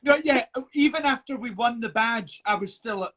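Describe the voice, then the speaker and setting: A man's voice: very high voice, normal speed, fairly bright tone. A man in casual live chat, playful and teasing, who swears freely and calls his friend babes.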